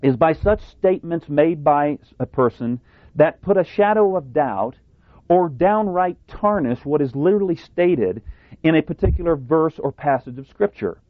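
A male preacher gives a sermon deliberately and emphatically, now and then leaning into a word with a sarcastic edge. His voice is fairly high and animated. The recording is thin, phone-like, dry and close, with no echo.

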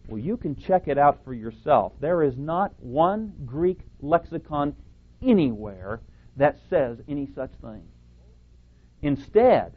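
A man's voice: fairly high pitch, very animated, unhurried. Emphatic male Bible teacher, tinny audio. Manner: emphatic, sarcastic, quotes and rebuts opponents. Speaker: preacher.

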